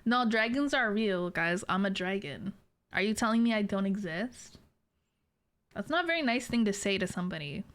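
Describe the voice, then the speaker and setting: A woman's voice: medium pitch, animated, moderate pace, a bit bright. A woman in her late twenties, a streamer chatting casually with her chat, giggly and swearing freely. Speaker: VTuber streamer.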